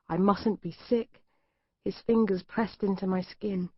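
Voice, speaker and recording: Low-voiced woman narrating. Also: moderate pace, no echo. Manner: tense first-person reading. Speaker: audiobook narrator. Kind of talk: scripted narration. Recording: dry, slightly dull studio.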